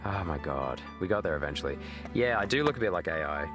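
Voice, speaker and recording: An Australian man in his thirties streams a game and chats casually, cursing and replying to his chat. His voice is deep, fast and expressive. He's on a webcam mic, with video game music playing behind him.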